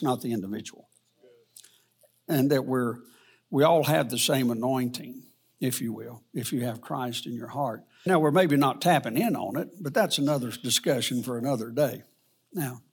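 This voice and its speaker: Husky guy teaching a bible lesson, lots of uhs and restarts, middle pitch. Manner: rambling, halting, with many fillers and restarts.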